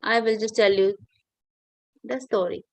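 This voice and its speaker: A woman's voice: on the high side, a little slow, no echo. A woman teacher telling a fable to children on a video call, patient and coaxing. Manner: patient, coaxing, many fillers. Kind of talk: online class storytelling for children.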